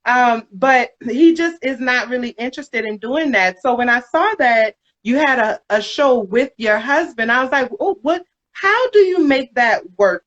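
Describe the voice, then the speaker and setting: A woman hosting a live podcast chat, talking in a chatty, animated way and laughing often. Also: on the high side. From United States. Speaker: podcast host. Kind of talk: casual live interview chat. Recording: dull lo-fi livestream audio.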